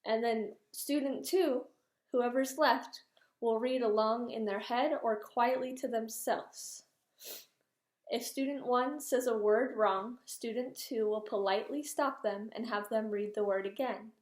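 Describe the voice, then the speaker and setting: A young woman speaks as a teacher in a practice lesson. She walks students through instructions in a clear, patient way. Her voice sits a little high, and the room rings with echo. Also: measured pace.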